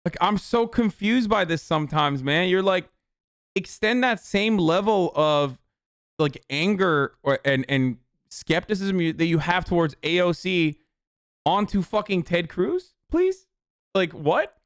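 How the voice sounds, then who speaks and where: A male streamer tears into politicians in a profane, sarcastic rant. His voice sits a little high, and it sounds dry and close with almost no room around it. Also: expressive, a little slow, a bit bright, smooth, no echo. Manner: profane, mocking, ranting. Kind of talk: political commentary livestream.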